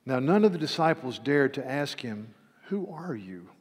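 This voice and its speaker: A man preaching a sermon, earnest and dramatic, retelling a scripture scene with hushed, quoted lines. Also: mid-range voice, big pitch swings, moderate pace, slightly rough. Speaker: pastor. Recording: long hall reverb.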